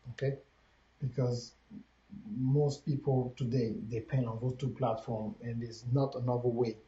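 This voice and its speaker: A man's voice: medium pitch, warm tone, echoey room, lo-fi sound. A man with a French accent giving a livestreamed business coaching talk, counting off steps and repeating his key points in a preachy way.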